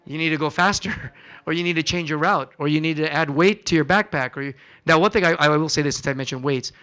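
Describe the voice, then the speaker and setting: Chatty doctor lecturing a live audience. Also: male voice, on the high side, fast, pushed and bright, smooth. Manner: conversational, quizzes the audience, acts out patient chats. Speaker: physician presenting a wellness seminar. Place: church hall.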